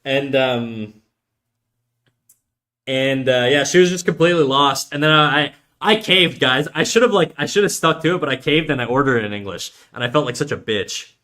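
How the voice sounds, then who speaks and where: A man's voice: medium pitch, moderate pace, pushed and bright. A young man from Canada with a Canadian accent, chatting casually and joking while he draws on stream, rambling and swearing freely. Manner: rambling, profane, joking storyteller. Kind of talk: casual chat while drawing.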